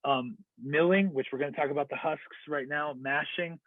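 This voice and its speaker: Speaking at a moderate pace in a slightly high voice, this American man explains an online lecture one step at a time, using fillers and correcting himself. The recording is dry and sounds tinny, like a phone.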